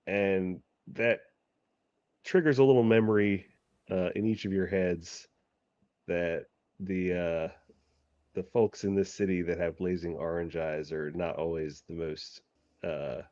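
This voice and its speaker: Low-voiced man running a tabletop game. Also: steady tone, takes it slowly, long pauses, a little mellow, no room sound, highs cut off. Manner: hesitant, many ums and uhs. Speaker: game master.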